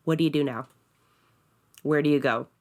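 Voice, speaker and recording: A woman's voice: low-pitched, normal speed, darkish tone. A woman hosting a political podcast, speaking directly and posing pointed questions. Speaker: podcast host. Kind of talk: casual political discussion.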